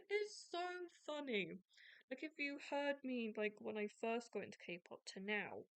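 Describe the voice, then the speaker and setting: A woman's voice: a little high, expressive, takes it slowly, long pauses, smooth, no room sound. A young English woman hosting a podcast, chatting casually and rambling with many restarts and self-deprecating asides. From England. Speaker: podcast host. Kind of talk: casual chat.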